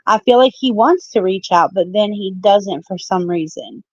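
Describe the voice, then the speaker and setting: Woman tarot reader on a live stream, mid-pitched and chatty, affectionate with viewers, dry and slightly muffled home audio. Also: moderate pace, darkish tone, no room sound. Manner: chatty, apologetic, calls viewers babe and love. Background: children heard in the background.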